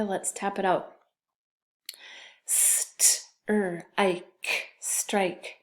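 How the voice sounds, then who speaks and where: Slow, patient woman teacher. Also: medium pitch. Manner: slow, patient, sounding out letters. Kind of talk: recorded spelling lesson for children.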